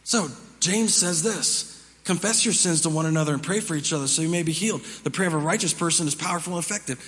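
A male pastor gives a conversational sermon, repeating lines for emphasis. His voice is a little high, fast, and fairly bright. The recording comes from a reverberant church hall with music behind him.

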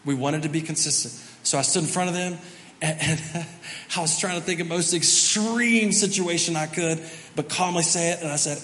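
A man preaching in a large church, telling stories on himself with lively self-mockery. His voice sits a bit high for a man. The sound carries a long reverb across the hall, with a faint hum of noise under it. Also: moderate pace. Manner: storytelling, animated and self-mocking. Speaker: pastor. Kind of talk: sermon.

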